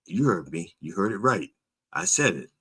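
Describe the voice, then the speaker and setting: Man, animated storytelling, lively up-and-down pitch, bright forceful tone, low voice, repeats and restarts. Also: moderate pace, gravelly, husky. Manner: animated storytelling, acting out both sides of a phone call; repeats words and restarts often. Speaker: host. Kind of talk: casual monologue.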